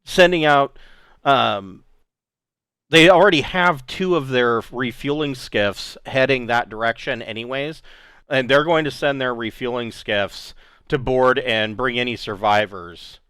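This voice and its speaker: A man narrating as game master of a tabletop game, often pausing to search for words. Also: medium pitch, a bit bright, clear, resonant tone, dry recording.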